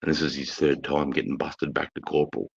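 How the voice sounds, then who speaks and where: A middle-aged Australian man telling rowdy army stories in a coarse, profane, animated way on a casual live stream. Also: a bass voice, a little fast, gravelly, husky. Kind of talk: casual storytelling chat. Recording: dull lo-fi stream audio.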